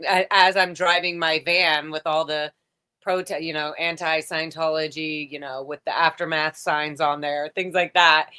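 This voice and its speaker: Chatty woman host on a video call, bright tone, rambling with lots of fillers. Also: sits low, fairly even intonation, measured pace, clean tone. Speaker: livestream host. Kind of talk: casual video chat.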